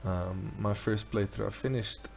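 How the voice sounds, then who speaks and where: A man's voice: on the low side, fairly even intonation, a little slow, gravelly, darkish tone, faint music behind. Playful man reading game text. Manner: chatty, playful, reads lines in silly voices. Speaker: let's play host. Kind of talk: casual gameplay commentary and reading game dialogue aloud.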